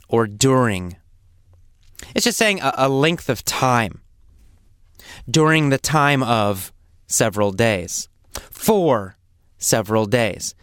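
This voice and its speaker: Male English teacher, patient and repetitive, clear smooth voice, dry close recording. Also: on the high side, fairly bright tone, no echo. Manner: slow, patient, repeats words and examples; acts out coughs and sample phrases. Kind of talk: explaining vocabulary in a lesson.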